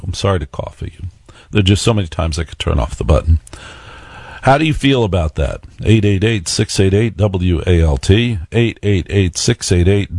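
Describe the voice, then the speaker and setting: A man's voice: lowish voice, darkish tone, husky, dry recording, clean studio sound. A man hosting a radio talk show, telling a story and asking listeners rhetorical questions. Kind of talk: radio monologue.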